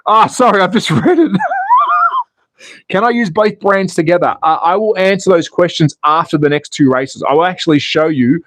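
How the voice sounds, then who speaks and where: Australian man, livestream host, slightly high voice, dry close sound, chatty and jokey. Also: moderate pace, fairly bright tone, no echo. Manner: chatty, jokey, talks straight to viewers. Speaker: slot car race livestream host. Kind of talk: live race commentary and viewer chat.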